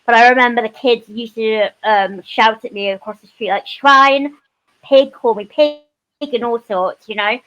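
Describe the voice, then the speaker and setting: A woman's voice: a little high, moderate pace, lo-fi sound. A woman, a panel guest telling her stories in a casual chat with lots of "you know" asides. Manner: animated storytelling, frequent "you know" asides.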